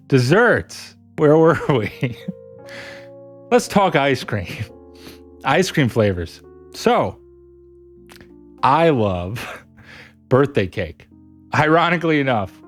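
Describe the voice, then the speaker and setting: A young adult man streaming, chatting casually with viewers, giggling a lot. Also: mid-range voice. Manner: giggly, laughs a lot, animated. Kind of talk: casual chat reading viewer messages.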